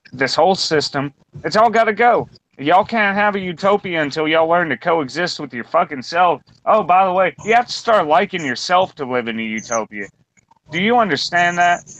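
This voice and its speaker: A man's voice: a little high, a bit bright. A man in his twenties ranting bluntly and profanely in a casual round-table talk. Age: 20s. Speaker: podcast co-host. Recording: dull lo-fi recording.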